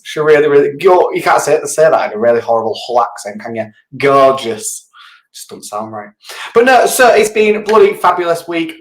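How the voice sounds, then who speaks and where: A man's voice: a little high, roomy sound. A man hosting a live business show, chatting casually and rambling into self-mocking asides. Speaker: show host.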